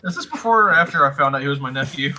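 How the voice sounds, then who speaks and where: A player with a bright, forceful voice laughs and protests at the other players. The pitch is mid but lively, with faint clicks behind. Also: racing, slight background noise, poor audio. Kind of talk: casual tabletop game play.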